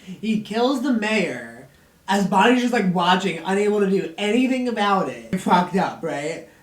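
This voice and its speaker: A man's voice: high voice, sing-song, moderate pace. A man recapping a TV episode in a rambling, filler-heavy, sweary way, acting out bits of dialogue. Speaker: video host recapping an episode. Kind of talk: casual recap vlog. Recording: roomy echo from a distant mic, faint music.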